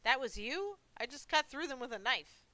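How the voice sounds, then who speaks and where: A woman's voice: high voice, animated, normal speed, sharp tone, no echo, pitched above the performer's own voice. A woman playing a nervous, polite young male hero in a horror game. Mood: timid. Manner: timid, polite.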